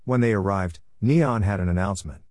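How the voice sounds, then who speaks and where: A man reading out a homemade story in a plain, steady way. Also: on the low side, fairly quick, no room sound, clean studio sound.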